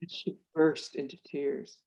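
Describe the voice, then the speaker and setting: A woman author and clairvoyant telling stories in an interview, animated and acting out the voices in her anecdotes. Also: sits low, unhurried. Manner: animated, acts out voices in anecdotes, laughs often. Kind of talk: storytelling interview chat.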